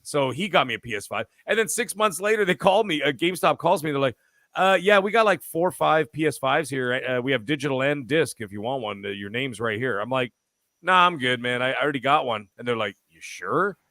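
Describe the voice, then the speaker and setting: Fast-talking guy, bright edgy voice, swears a lot, dry close mic. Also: mid-range voice, dry recording. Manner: laid-back, swearing, quotes people in little voices. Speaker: podcast co-host. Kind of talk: casual storytelling.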